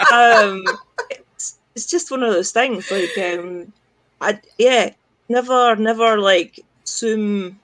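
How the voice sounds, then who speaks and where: A woman's voice: mid-range voice, fairly bright tone, dry recording, rough recording. A Scottish woman from the central belt, a livestream guest chatting casually, swearing freely and laughing through rambling stories. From Scotland. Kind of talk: casual chat.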